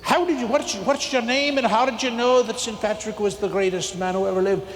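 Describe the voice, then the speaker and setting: A man's voice: high voice, brisk, a little hiss or hum, voice pushed up, natural voice. A man voicing a jovial, boastful Irish Catholic teacher in a put-on Irish accent, lilting and exclaiming. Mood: hearty. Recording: echoey hall, faint ambience.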